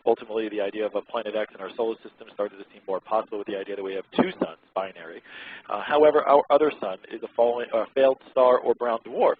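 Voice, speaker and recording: A male internet radio host rattles along quickly in a rambling, irreverent tone. His voice comes through thin and phone-like, with a faint hiss underneath. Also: fairly low pitch. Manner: rambling and irreverent, laughs often. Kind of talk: casual chat, reading out web articles. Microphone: close mic he keeps blowing into.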